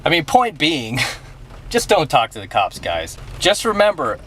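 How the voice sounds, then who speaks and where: A man's voice: fairly high pitch, wildly swooping pitch, a little slow, fairly bright tone, slight background noise. Blunt man talking to camera outdoors. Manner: emphatic, blunt, keeps asking "okay?". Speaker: vlogger giving advice. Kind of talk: casual storytelling and advice to camera.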